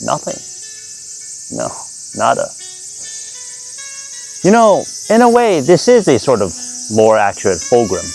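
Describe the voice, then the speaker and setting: A woman host narrating a comedy video in a wry, deadpan way. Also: extremely low pitch, a little slow, gravelly, long pauses, slight background noise. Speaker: channel host.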